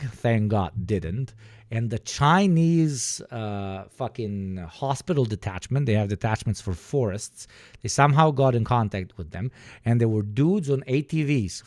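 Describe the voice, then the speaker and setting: A young man streaming to his chat, rambling through a story with plenty of swearing and asides. His voice sits a little low and sounds mellow, recorded close and dry. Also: dry recording. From Balkans. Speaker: livestreamer. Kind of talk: casual chat with viewers.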